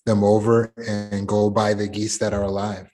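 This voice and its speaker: A middle-aged man leading a support group discussion over a video call as a coach, talking through examples in an animated way. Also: lowish voice, moderate pace, soft background music.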